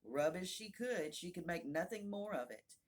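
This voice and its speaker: A woman narrating a classic children's storybook aloud in a calm, measured way. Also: fairly low pitch. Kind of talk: audiobook narration.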